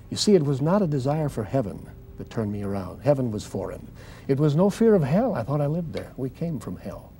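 An older man telling his testimony as a guest in a TV interview, fervent and swinging between loud and soft like a preacher. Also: mid-range voice, a little hiss or hum.

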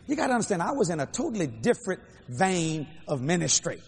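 An older man preaching a storytelling sermon in a large hall, animated and playful with dramatic swings. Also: high-pitched, quick pace, gravelly, husky. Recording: echoey hall, faint crowd ambience.

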